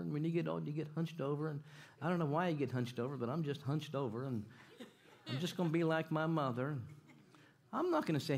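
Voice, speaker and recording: A man preaching a church sermon, animated and jokey, often repeating his phrases and questioning the congregation. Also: a little high, fast, creaky. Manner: animated, jokey, repeats himself, audience call-outs. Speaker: guest preacher. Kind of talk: sermon with stories and jokes. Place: church sanctuary.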